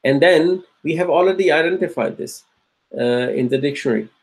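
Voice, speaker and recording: A man's voice: fairly high pitch, low-quality recording. Man teaching, repeating words patiently. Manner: repeats words slowly, asks checking questions. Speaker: Arabic teacher. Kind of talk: classroom lecture.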